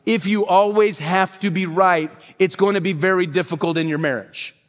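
A man's voice: sits high, fairly even intonation, normal speed, long reverb tail. A man preaching a sermon as pastor, addressing the congregation directly and repeating key phrases for emphasis. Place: worship center.

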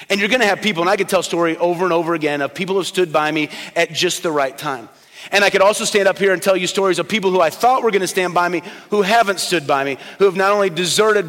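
A middle-aged man with a fairly high voice delivers a sermon from the pulpit. He tells personal stories, sinking to quiet, slow lines before pushing up to loud emphasis. His voice trails off in the long reverb of a church hall. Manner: storytelling, swings from soft and slow to loud and emphatic. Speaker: pastor.

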